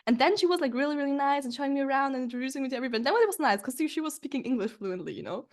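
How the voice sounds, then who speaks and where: A woman's voice: high-pitched, animated, racing. A woman hosting a dance podcast, chatting casually and rambling with lots of filler words. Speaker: podcast host. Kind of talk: casual chat.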